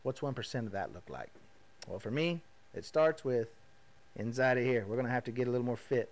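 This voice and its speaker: Podcast host, male, 30s, casual and animated, plays the voices in his own stories. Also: medium pitch, fairly quick. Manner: animated, acts out quoted voices, laughs at himself. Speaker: podcast host, rodeo roper. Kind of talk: casual storytelling monologue.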